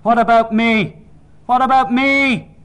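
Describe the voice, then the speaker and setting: A man's voice: steady tone, a bit bright, smooth, full character voice. A man voicing a furious newborn baby boy howling for attention in a storybook reading. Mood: wailing. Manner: high drawn-out howl.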